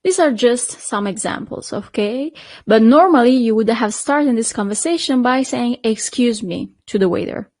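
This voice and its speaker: A patient woman teacher with an Italian accent, her voice pitched a little high. She keeps checking on the learner as she goes. The sound is dry and close. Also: expressive, normal speed, darkish tone, dry recording. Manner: patient, checks in with frequent "okay?" and "perfect". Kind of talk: online language lesson.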